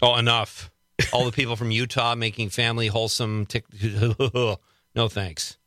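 A male radio host with a bright, forceful voice, talking casually and cracking jokes. His voice is recorded close and dry, with no room sound around it. He laughs often as he riffs on small complaints. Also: medium pitch, level tone, a little slow, no echo. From Wisconsin. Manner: chatty, joking, laughs often. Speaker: radio talk show host.

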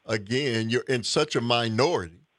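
A man hosting a call-in radio talk show, speaking in a measured way with frequent pauses and restarts. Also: medium pitch, a bit bright, dry recording, clean studio sound.

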